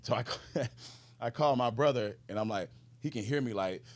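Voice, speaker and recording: A man's voice: medium pitch, moderate pace. A man in his thirties, a retired football player, chatting as a guest on a podcast, swearing freely and laughing through his stories. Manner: loose storyteller, swears freely, laughs mid-story. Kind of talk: casual podcast conversation.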